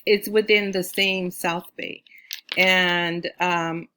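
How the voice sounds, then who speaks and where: Female astrologer from California, lowish voice; rambling casual storyteller who acts out quotes. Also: steady tone, takes it slowly, bright, forceful tone. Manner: chatty, with many fillers like "you know"; acts out quoted lines in a higher voice.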